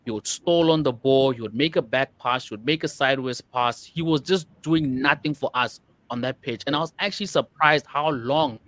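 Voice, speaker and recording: Male co-host, medium pitch, chatty and rambling, dry recording. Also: moderate pace, few pauses, a bit bright, no room sound. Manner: rambling, frequent "you know" and restarts. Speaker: podcast co-host. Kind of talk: casual football chat.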